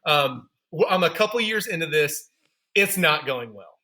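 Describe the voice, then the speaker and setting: A man in his thirties speaks as a podcast guest, his voice pitched a little high and notably bright and forceful. He tells his story candidly and pokes fun at his own shortcomings. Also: lively intonation, moderate pace. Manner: candid, self-deprecating storyteller. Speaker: podcast guest, running store founder.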